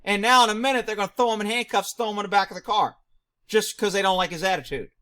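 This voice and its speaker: A man reacting to a news clip, firing off rhetorical questions, answering them himself and shouting mocking asides. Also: high-pitched, fast. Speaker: video commentator; former police officer.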